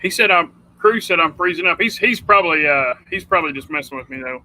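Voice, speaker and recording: A man's voice: a little high, lively intonation, quick pace, sharp tone, low-quality recording. A man hosting a casual livestream chat, rambling and chatty, often calling people dude. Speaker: livestream host.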